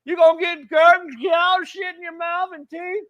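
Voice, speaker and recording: A man's voice: extremely high pitch, flat delivery, moderate pace, pitched above the performer's own voice. A man putting on a fired-up football coach. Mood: shouting. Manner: shouting, preachy, repeats "son". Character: loud fired-up male football coach breaking down film. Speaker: show host. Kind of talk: put-on voice in a podcast film breakdown.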